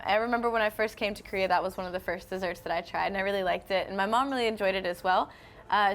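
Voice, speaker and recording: A young woman hosts a casual live stream, chatting in a friendly, easygoing way. She reads viewer comments aloud and answers them as she goes. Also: medium pitch. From North Carolina, USA. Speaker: host.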